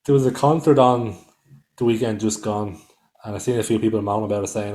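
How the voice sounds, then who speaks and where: A man's voice: lowish voice, steady tone, brisk, a little mellow. Blunt, swearing Irish man. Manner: blunt, swears often, loses his thread. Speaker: podcast co-host. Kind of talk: casual chat.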